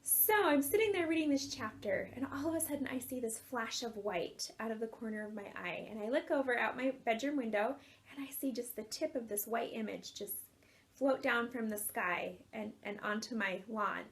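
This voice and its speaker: A woman in her thirties, an author and life coach, telling a personal story in an earnest, animated way and laughing often. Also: on the high side, normal speed.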